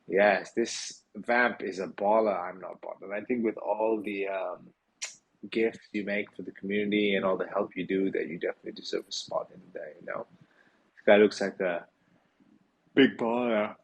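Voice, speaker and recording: A man with a deep, gravelly voice hosts a loose live Q&A, sounding worn out from a long day. His talk is rambling and full of fillers, with a husky edge throughout. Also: moderate pace, poor audio. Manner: relaxed, rambling, many fillers. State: tired, yawning. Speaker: host of a community Q&A. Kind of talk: casual live audio chat.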